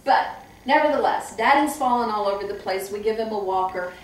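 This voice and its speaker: A middle-aged woman who trains staff at a memory care home, telling lively stories and acting out the voices of people she quotes. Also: medium pitch, fairly quick. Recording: echoey room, far from the mic.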